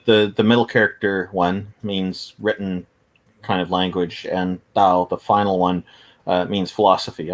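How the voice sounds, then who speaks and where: A man who is a podcast guest, talking casually in a soft, hesitant way with frequent pauses and fillers. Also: low voice. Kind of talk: casual chat.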